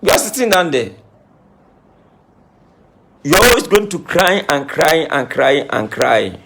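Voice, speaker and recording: A man's voice: on the high side, big pitch swings, a little slow, creaky, noisy background. Guy ranting to camera, keeps repeating himself, voice jumps around a lot. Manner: emphatic and repetitive, scolding. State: says he is crying. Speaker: self-styled spiritualist. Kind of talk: impassioned monologue to camera.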